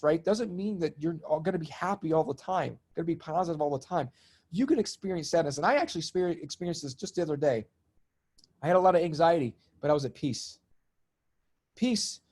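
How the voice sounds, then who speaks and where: A middle-aged man telling personal stories in conversation, lively and laughing often, acting out the voices of people in them. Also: fairly high pitch, slightly rough. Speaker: guest, spiritual comedian and healer. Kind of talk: animated storytelling in conversation.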